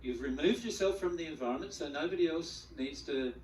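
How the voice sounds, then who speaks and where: A man giving a spiritual teaching talk to a group, animated, acting out the feelings he describes and often repeating words as he goes. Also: on the high side, brisk, slight background noise. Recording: echoey room, mic at a distance.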